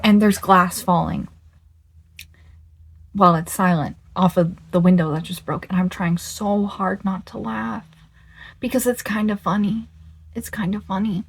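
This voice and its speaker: A young woman in her twenties, mid-pitched, recounting a disastrous date to her viewers. She stretches words for emphasis and swears when something floors her, talking in a loose, animated vlog style. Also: a little slow, gravelly, pauses often, husky. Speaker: vlogger. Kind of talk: casual storytelling.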